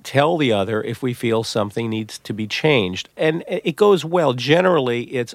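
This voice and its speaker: Gravelly middle-aged man telling stories. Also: medium pitch, moderate pace, hardly any pauses, no room sound. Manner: animated storyteller, many restarts and repeats. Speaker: guest, novelist and psychologist. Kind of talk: conversational interview.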